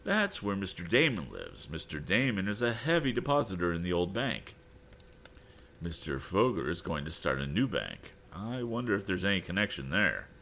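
A man voicing a cheerful, quick-witted young male inventor with an eager way of talking. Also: low voice, huge pitch swings, gravelly, a bit bright, slight background noise, full character voice.

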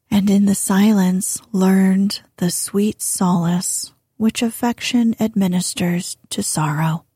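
A woman narrating a classic novel as an audiobook in a gentle, measured reading. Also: mid-range voice, slightly rough, no room sound, studio quality. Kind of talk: scripted narration.

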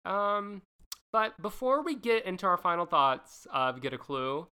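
A woman co-hosting a chatty podcast, with an animated voice that swings in pitch. Her tone is bright and sits a little low. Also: a little slow, clean tone. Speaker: podcast co-host. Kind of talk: casual chat.

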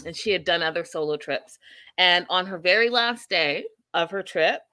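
A woman co-hosting a podcast, chatting casually and telling lively stories with asides to the live chat. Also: lowish voice, no room sound. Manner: animated storytelling, quick asides to live chat. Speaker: podcast co-host.

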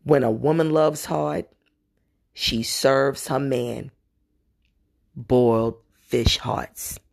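Low-voiced chatty New woman. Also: very slow, creaky. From New York. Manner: chatty, animated, laughing asides. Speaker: podcast host. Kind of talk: casual storytelling.

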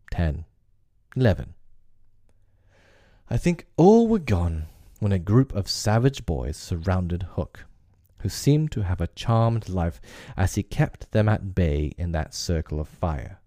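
A man reading a storybook aloud as narrator, measured and unhurried. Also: low voice, warm tone, no echo, clean studio sound. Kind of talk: audiobook narration.

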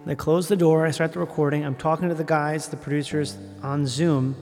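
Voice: mid-range voice, level tone, brisk, darkish tone. A co-host spins rambling comic anecdotes, swearing freely and laughing often. The voice sits in a middle register. Faint guitar music plays underneath. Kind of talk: casual comedic storytelling.

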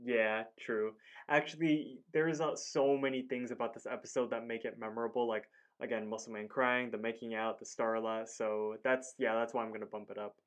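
A man's voice: mid-range voice, steady tone, fairly quick, hardly any pauses. Chatty man co-hosting a cartoon podcast. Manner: rambling, lots of "like", acts out lines. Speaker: podcast co-host. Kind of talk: casual cartoon recap chat.

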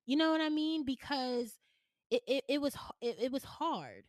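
A woman's voice: high voice, sing-song, moderate pace, dry recording, studio quality. A woman in her twenties hosting a podcast. She tells a personal story candidly and emotionally, talking straight to her listeners. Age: 20s. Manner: chatty, addresses listeners directly. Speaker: podcast host.

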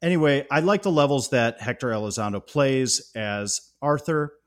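A man's voice: mid-range voice, normal speed. A man co-hosting a podcast, talking through a film scene in a thoughtful, analytical way. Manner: thoughtful, analytical, animated when praising. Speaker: podcast co-host. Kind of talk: casual film discussion.

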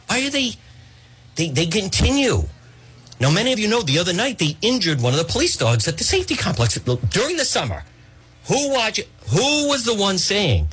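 A male talk-radio host rants in an excitable, fired-up way. His husky voice leaps up and down in pitch, and he keeps stumbling over his own words before pushing on. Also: moderate pace. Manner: excitable, ranting, repeats words and trails off. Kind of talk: opinionated talk radio monologue.

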